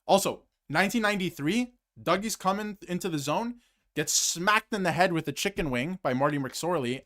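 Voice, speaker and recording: A man's voice: high-pitched, expressive, fairly quick, fairly bright tone. A man hosting a sports commentary stream, ranting heatedly about his team, repeating phrases for emphasis and dropping to muttered asides. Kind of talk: fired-up solo hockey rant to camera, reading super chats.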